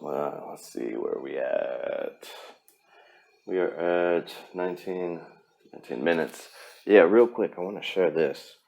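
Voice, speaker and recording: A man's voice: low voice, a little slow, creaky, a little mellow. A man hosting a podcast, giving a blunt, profane pep talk in a casual monologue. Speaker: podcast host.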